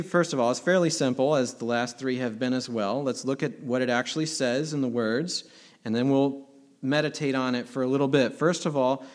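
A middle-aged man, a pastor, preaching a sermon in an earnest, emphatic way, asking rhetorical questions. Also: mid-range voice.

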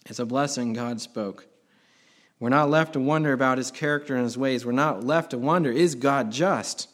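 Male pastor, mid-pitched voice, conversational sermon with sudden emphatic swells. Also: moderate pace, fairly bright tone.

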